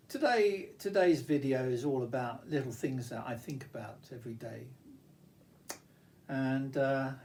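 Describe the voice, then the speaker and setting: An older man rambles through personal memories, his pitch rising and falling a lot. His voice sits a little high for a man, and he restarts sentences often as he digresses. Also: darkish tone. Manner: reminiscing, digressive, frequent restarts and fillers. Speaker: vlogger.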